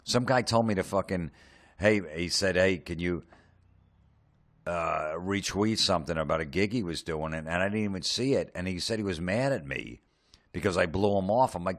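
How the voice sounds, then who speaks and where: A man's voice: low voice, moderate pace. A man delivering a profane, sarcastic comedic rant, mocking people in put-on voices. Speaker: comedian ranting.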